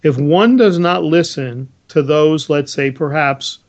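A man's voice: on the high side, slow pace, highs cut off. Earnest man explaining scripture. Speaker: Bible study co-host. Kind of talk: conversational Bible discussion.

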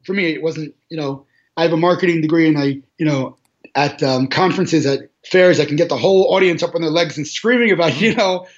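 Interview guest: high-pitched man, animated storyteller with stumbling restarts, on dull lo-fi audio. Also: brisk. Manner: animated, repetitive restarts, laughs while telling. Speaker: interview guest, charity organizer.

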